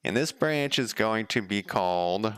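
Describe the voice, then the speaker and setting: A man's voice: fairly low pitch, lively intonation, measured pace, fairly bright tone, clear, resonant tone, no echo. A man developing a game on a live stream, chatting casually and rambling off on tangents as he thinks aloud. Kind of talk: casual live coding chat.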